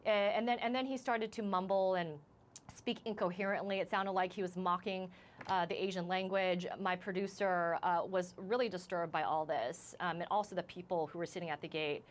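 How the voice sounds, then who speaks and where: A woman from the United States, a news correspondent, speaking as a guest in a live news interview, shaken and halting, with many restarts. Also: lowish voice, fairly even intonation, slight background noise. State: shaken, voice unsteady.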